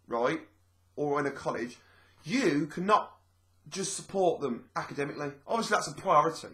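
This man's voice sits on the high side and sounds fairly bright. He's a vlogger chatting to the camera in a loose, rambling way, repeating himself as he explains and acting out the speech he quotes.

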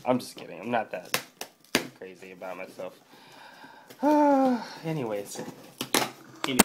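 A young man casually unboxing a drawing tablet on camera, joking around, swearing and filling pauses with ums. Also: on the low side, huge pitch swings, very noisy. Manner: playful, swears, mock-panics, trails off with fillers.

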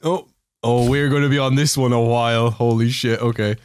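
A man's voice: medium pitch, fairly even intonation, normal speed, smooth. A man playing a co-op game with friends over voice chat, laughing constantly and swearing as he talks. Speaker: gamer. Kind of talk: casual gaming banter.

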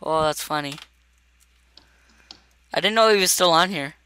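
A man's voice: fairly high pitch, a little slow, pushed and bright, clean tone, no echo. A man hosting a video game session with casual, playful commentary, giggling often. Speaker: gaming video host.

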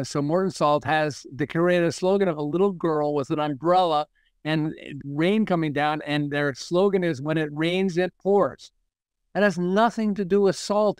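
A man's voice: fairly high pitch, smooth, no echo, studio quality. A man, a marketing consultant, telling anecdotes in a casual interview and chuckling often.

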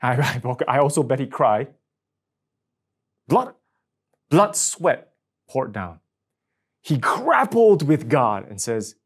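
A man's voice: mid-range voice, expressive, measured pace, long pauses. A young adult man preaching a sermon as pastor in a church, acting out biblical figures as he speaks. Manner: acts out biblical figures with rising and falling intensity.

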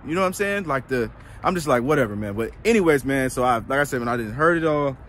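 A man telling a story to camera in a casual vlog, animated and exasperated, full of slang. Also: medium pitch, quick pace, slight background noise. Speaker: used car dealer vlogger.

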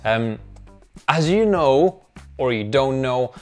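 A man's voice: mid-range voice, lively intonation, slow pace, darkish tone, faint music behind. A man whose first language is Russian, talking through a walkthrough in a casual, playful, self-mocking way. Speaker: vlogger. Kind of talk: casual screen-recording walkthrough.

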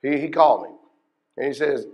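A man preaching a sermon as pastor, putting questions to his congregation and moving between hushed asides and loud, emphatic bursts. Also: mid-range voice, a little fast, creaky, dull audio. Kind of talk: deliverance workshop sermon.

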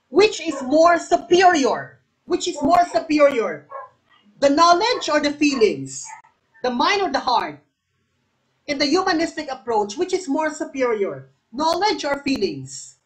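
In a roughly recorded live exam review, a Filipino coach with a voice that sits high moves between English and Tagalog. She quizzes her viewers, says each question twice, and calls on them by name.

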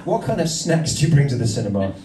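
A man's voice: mid-range voice, very animated, fast. A male comedian doing crowd work, teasing audience members in a playful, mock-formal way. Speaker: stand-up comedian. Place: comedy venue with live audience. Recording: echoey room, distant mic, loud crowd.

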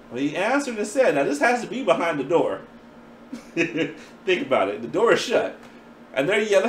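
A man preaching a sermon in a playful, animated way, acting out voices as he teaches. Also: a little high, moderate pace, echoey room, slight background noise.

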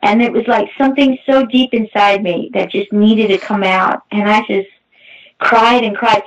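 A middle-aged woman giving a halting, emotional personal testimony as a guest, with many restarts. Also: medium pitch, steady tone. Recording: muffled distant mic.

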